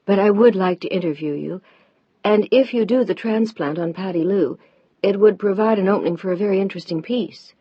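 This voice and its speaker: A woman's voice: medium pitch, brisk, breathy edge, dry recording, natural voice. A woman voicing an eager female TV reporter. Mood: earnest. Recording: dull dry audiobook recording.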